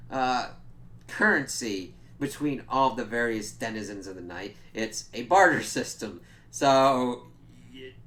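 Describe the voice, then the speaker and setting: A man's voice: medium pitch, fairly bright tone. A young man casually recapping a TV episode for a spoiler review, rambling and swearing often, with lots of filler "like"s. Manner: rambling, profane retelling full of "like".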